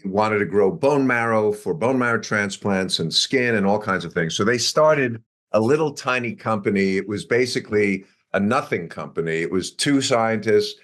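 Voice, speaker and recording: An older man in his sixties tells a story from his career as an interview guest, with a voice that sits a little low. He acts out what people said along the way and slips in small laughs. He keeps the telling easy and conversational. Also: moderate pace, hardly any pauses. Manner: animated anecdote-telling with acted-out quotes and chuckles. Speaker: interview guest, biotech executive.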